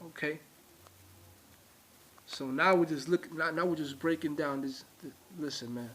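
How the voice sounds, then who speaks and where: A man teaches in a slow, deliberate way, turning to his viewers again and again. His voice sits a little high. He repeats key words for emphasis. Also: a bit bright. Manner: emphatic, repetitive, addresses viewers directly. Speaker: religious teacher. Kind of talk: informal video lecture.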